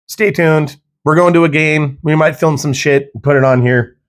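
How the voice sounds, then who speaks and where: A man's voice: fairly high pitch, fairly even intonation, normal speed. A man hosting a podcast, ranting angrily with lots of profanity in a monologue. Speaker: podcast host.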